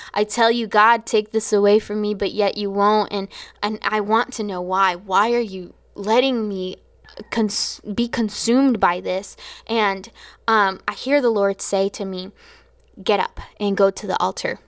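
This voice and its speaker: A young adult woman tells her faith story in a loose, conversational way. She acts out what she and others said and often breaks into laughter. Her voice is smooth and resonant, with a middle pitch for a woman. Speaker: teacher sharing a personal faith testimony. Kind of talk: casual spoken testimony.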